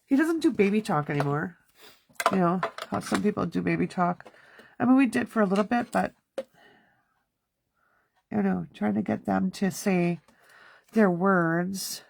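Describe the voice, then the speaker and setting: A woman's voice: mid-range voice, creaky, a little mellow. A woman in her thirties hosting a casual crafting livestream from her home studio, chatting and talking to herself as she works. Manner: chatty, talks to herself while working. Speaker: card-making livestream host.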